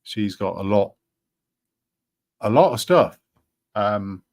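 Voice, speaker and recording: A man's voice: on the low side, expressive, slow, darkish tone. A man hosting a live stream, chatting casually with many ums and restarts. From Britain. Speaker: livestream host.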